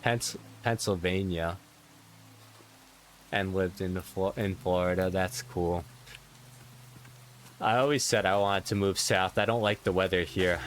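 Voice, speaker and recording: Low-voiced young man chatting casually. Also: slight background noise. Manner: relaxed, chatty, reacting aloud. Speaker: Minecraft YouTuber. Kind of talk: casual chat with viewers.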